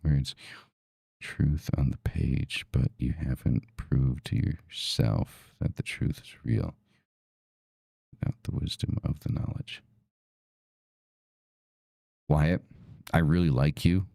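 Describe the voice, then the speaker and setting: Very deep, gravelly-voiced man. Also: takes it slowly, pauses often, warm tone, dry recording. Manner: blunt and profane, emphatic. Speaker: podcast host. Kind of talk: casual talk.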